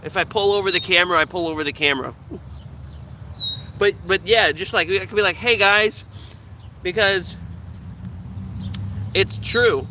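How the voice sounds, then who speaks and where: Nasal squeaky young guy rambling and cussing on a stream, loud traffic behind him. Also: moderate pace, pauses often. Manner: profane, joking, talks with teeth hidden. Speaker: vlogger streaming live. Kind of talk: casual rambling chat.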